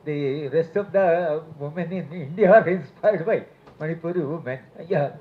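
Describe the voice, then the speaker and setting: A man's voice: on the high side, normal speed. A man giving a rambling public speech at an event, laughing lightly between phrases. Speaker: speaker at a solidarity event. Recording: tinny phone-like live stream.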